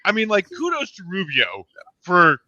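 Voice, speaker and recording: A man's voice: high voice, huge pitch swings, moderate pace, bright, forceful tone, no room sound, highs cut off. A man co-hosting a casual live game-watch podcast, reacting with exasperated disbelief. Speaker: podcast co-host.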